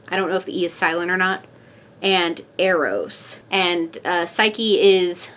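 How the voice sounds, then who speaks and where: A woman's voice: medium pitch, a bit bright. A young woman chatting casually in an upbeat book vlog, with fillers and small laughs. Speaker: book vlogger.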